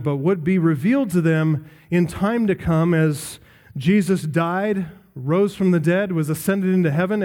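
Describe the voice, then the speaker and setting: A man preaching an expository sermon as pastor, emphatic and building through repeated phrases, sometimes dropping to a quiet voice. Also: fairly high pitch.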